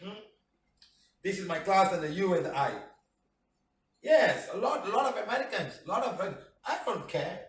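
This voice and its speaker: High-voiced man teaching in a roomy hall. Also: expressive, normal speed, long pauses. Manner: emphatic, repetitive, acts out phrases. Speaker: healing workshop teacher. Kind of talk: class lecture. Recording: roomy hall from a distant mic.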